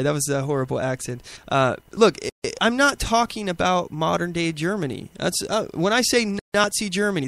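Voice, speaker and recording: Indignant man ranting with a bright, dry voice. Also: fairly high pitch, dry recording. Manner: indignant, rambling with many fillers and restarts. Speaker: podcast host. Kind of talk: casual commentary over video clips.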